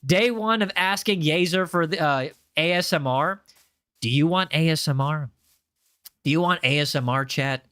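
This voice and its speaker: A man live streaming, chatting casually with his viewers, animated and repeating himself as he banters with chat. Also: a little high, moderate pace, clear, resonant tone, no room sound, clean studio sound.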